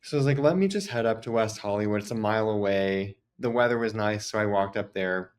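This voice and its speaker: A man's voice: fairly low pitch, fairly quick, clear, resonant tone. A man podcast host telling a story in a casual, chatty way, full of "like" fillers.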